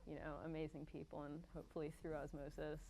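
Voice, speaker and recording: A woman from a band answering interview questions casually, relaxed and a little hesitant. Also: sits low, quick pace, a little hiss or hum, rough recording.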